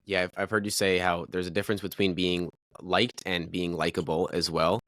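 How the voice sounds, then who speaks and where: A man's voice: low-pitched, level tone, normal speed, a bit bright, no room sound, studio quality. A young man hosting a podcast, asking eager questions with lots of filler words. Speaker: podcast host. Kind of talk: interview questions.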